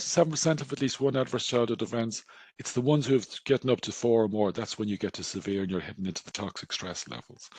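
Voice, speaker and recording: A man's voice: fairly low pitch, gravelly, darkish tone, slightly rough, dry recording. A middle-aged Irish man, a doctor giving a webinar lecture, telling stories conversationally and acting out the dialogue. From Ireland. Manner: conversational storytelling, acts out quoted dialogue. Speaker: GP presenting a webinar.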